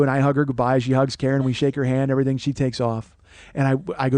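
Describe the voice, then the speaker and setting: A man hosting a podcast, telling a comic personal story in a profane, animated, self-mocking way. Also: mid-range voice, fast, no room sound. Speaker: podcast host. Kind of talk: comedic storytelling monologue.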